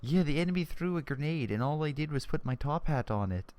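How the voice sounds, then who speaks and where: A man's voice: a little high, animated, a little fast, a little mellow, dry recording, pitched above the performer's own voice, natural voice. A man voicing a bragging male soldier in an exaggerated Upper Midwest put-on accent, hammy and boastful. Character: male soldier bragging about a grenade story.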